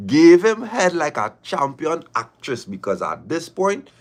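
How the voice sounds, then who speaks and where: A man's voice: medium pitch, fairly bright tone. A man, hosting a live show and reading listener stories aloud with laughing, mock-outraged asides.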